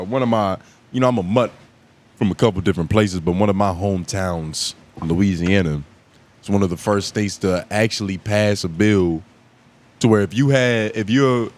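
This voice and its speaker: Low-voiced man in loose podcast banter. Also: darkish tone. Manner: teasing, interrupting, profane slang. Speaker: podcast co-host.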